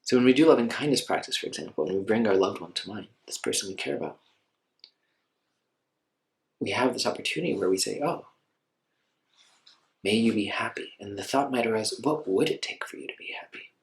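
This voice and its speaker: A man teaching meditation in an informal talk, speaking gently and conversationally with frequent filler words. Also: on the low side, expressive, a little fast, gravelly, pauses often, rough recording.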